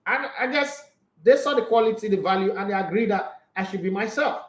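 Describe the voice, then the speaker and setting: A man's voice: high-pitched, lively intonation, brisk, reverberant, rough recording. A Nigerian man hosting a sports talk show, giving blunt, emphatic opinions in casual commentary.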